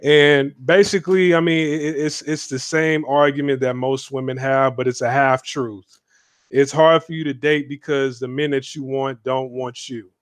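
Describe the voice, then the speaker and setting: A man's voice: medium pitch, fairly even intonation, normal speed, smooth, dry recording. Blunt, rambling man on a livestream. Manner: blunt, rambling, frequent fillers and repeats. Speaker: livestream guest. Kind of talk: casual livestream commentary.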